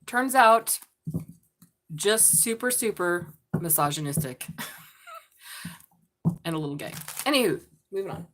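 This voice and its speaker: A woman's voice: lowish voice, animated, a little slow, pauses often, a bit bright. A middle-aged woman giving a live-stream tarot reading, blunt and profane, joking and laughing often. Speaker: tarot reader.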